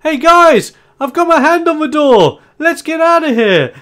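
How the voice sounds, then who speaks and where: A man voicing an eager young man escaping a pub brawl, calling out loudly to his friends. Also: very high-pitched, unhurried, pitched above the performer's own voice, heavily acted. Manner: shouting excitedly.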